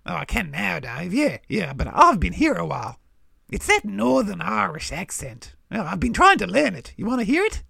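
A man voicing a cheeky, know-it-all male Australian crow with a gravelly voice and brash, slangy talk. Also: high-pitched, sing-song, moderate pace, sharp tone, no room sound, studio quality, exaggerated voice. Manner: brash, teasing, drawled "mate" and "g'day" slang. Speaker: regular fact-telling puppet character.

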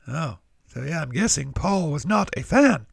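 A man's voice: a little high, sing-song, normal speed, gravelly, slightly rough, no echo, studio quality, pitched above the performer's own voice, full character voice. A man voicing an eager male puppet sidekick in a children's Bible lesson, with cheery, chirpy replies.

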